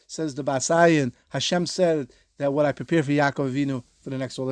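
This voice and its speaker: Earnest rabbi with a fairly high voice. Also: male voice, brisk, few pauses, no room sound. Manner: explains earnestly, mixing Hebrew and Yiddish terms; rises to emphatic peaks when stressing a point. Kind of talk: Torah lecture.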